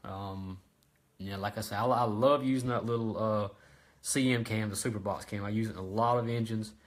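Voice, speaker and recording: A man hosting a casual how-to livestream about engine parts, talking in a relaxed, chatty way with many ums and restarts. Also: on the low side, moderate pace. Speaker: host of a racing parts livestream.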